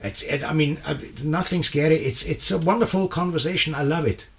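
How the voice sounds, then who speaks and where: A man's voice: on the high side, brisk, a bit bright. A man hosting an interview, agreeing often and telling his own experiences with hesitant, filler-heavy speech. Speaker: interviewer host. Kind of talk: conversational interview.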